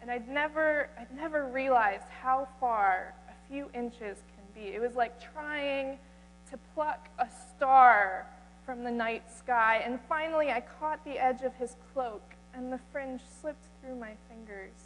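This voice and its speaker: A woman speaking as a humble outcast woman who is desperate and then awed, in an earnest first-person retelling with halting restarts. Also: sits high, a bit bright, voice pushed up. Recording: reverberant hall, faint mains hum.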